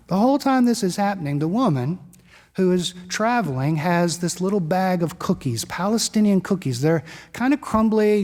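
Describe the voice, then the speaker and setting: A male pastor preaching in a conversational storytelling manner. His voice sits a bit high for a man, and a long church reverb trails each phrase in the sanctuary. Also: darkish tone. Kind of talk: sermon.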